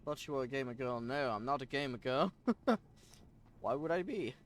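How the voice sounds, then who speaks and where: Playful French streamer, lively voice. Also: male voice, mid-range voice, normal speed. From France. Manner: playful, laughs often, bantering with chat. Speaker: game streamer. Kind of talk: casual live-stream chat with viewers.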